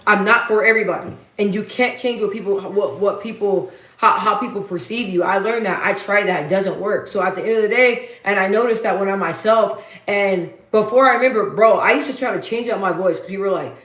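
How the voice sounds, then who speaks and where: Deep-voiced, blunt woman streamer. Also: brisk, fairly bright tone. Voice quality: deep, bassy voice. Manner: blunt, matter-of-fact, repeats herself for emphasis. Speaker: livestream host. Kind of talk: casual livestream chat. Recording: roomy echo.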